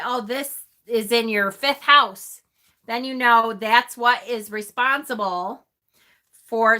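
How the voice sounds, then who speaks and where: Woman, live stream host, chatty, laughing, a little high, bright tone. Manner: chatty, laughs often, reads aloud and answers chat. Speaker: host of a tarot channel. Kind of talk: casual live-stream chat.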